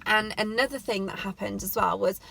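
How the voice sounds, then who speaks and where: A woman's voice: mid-range voice, fairly quick, vocal fry, fairly bright tone, breathy edge. A woman, talking earnestly to camera about how parents speak to their children. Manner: earnest, heartfelt, pleading. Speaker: parenting vlogger. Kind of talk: casual talk to camera.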